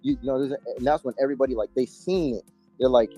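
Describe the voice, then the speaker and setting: A man's voice: mid-range voice, fast, dark tone, husky, faint music behind. A man telling his story in a casual interview, emphatic and heavy on slang and swearing. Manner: emphatic, profane, street slang. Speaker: interview guest.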